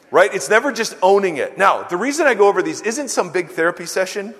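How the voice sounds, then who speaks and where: A man preaching a sermon in an animated, emphatic way, with self-mocking humor. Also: high voice, a little slow, pauses often, long reverb tail. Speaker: pastor. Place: large church hall.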